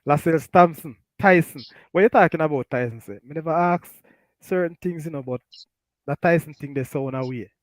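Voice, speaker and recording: Jamaican male host, brighter voice, chatty, laughs a lot, dry sound. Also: fairly high pitch, a little fast, no room sound. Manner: laughs often, animated, Patois-flavored. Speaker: talk show host. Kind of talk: casual live-stream chat, reading comments.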